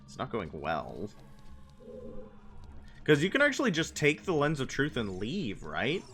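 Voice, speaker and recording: Young male streamer, bright tone, slow unhurried delivery, rambling chat with viewers. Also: medium pitch, huge pitch swings, faint music behind. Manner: meandering, answers chat messages aloud. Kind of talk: casual gaming livestream chat.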